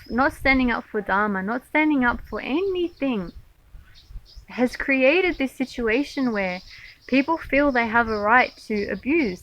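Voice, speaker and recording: A woman's voice: on the high side, fairly bright tone, rough recording. A woman who is a Hindu monk, telling a personal story in a vlog with earnest, emphatic delivery and frequent fillers.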